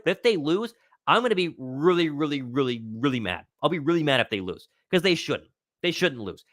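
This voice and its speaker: A young man hosting a live sports stream, talking with excitable confidence and reading out viewers' questions. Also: a little high, dry recording, clean studio sound. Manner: excitable, confident, reads chat questions aloud. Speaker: host of a sports livestream. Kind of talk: live pregame Q&A commentary.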